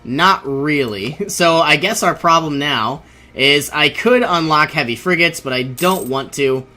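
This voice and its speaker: A man's voice: fairly high pitch, a little slow, pushed and bright. A young man giving casual commentary over his own strategy game, thinking aloud, often exasperated and laughing. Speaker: let's play host.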